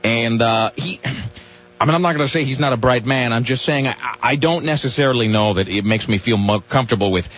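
A man's voice: mid-range voice, brisk, a bit bright, slight background noise. A man hosting a comedic talk radio show, wisecracking and sarcastic in his banter. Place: radio studio. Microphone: studio mic. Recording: dull lo-fi radio broadcast.

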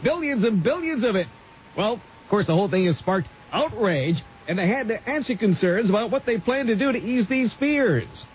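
A man's voice: high-pitched, expressive, moderate pace, a little hiss or hum. A man co-hosting a radio show, reading the news in a mock old-time announcer style. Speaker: radio co-host and newsreader. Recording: dull lo-fi radio sound with music.

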